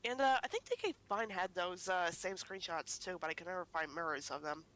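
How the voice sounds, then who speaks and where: Young adult in their twenties on a stream, rambly, lots of filler, mid-pitch voice. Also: fairly quick, a bit bright, rough recording. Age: 20s. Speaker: guest. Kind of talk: casual livestream chat.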